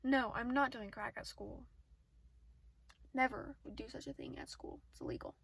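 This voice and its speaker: A teenage girl vlogging outdoors on her phone, rambling fast and getting easily distracted in casual chat. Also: a little high, fairly even intonation, vocal fry, fairly bright tone, poor audio. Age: teens. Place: outdoors, sitting in a parked car area.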